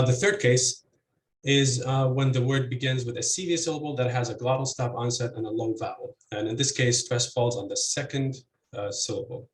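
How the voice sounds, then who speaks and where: A man's voice: medium pitch, echoey room, a little hiss or hum, poor audio. A man giving an academic presentation on linguistics, explaining methodically with many hesitations and fillers, over what sounds like a computer mic on a video call.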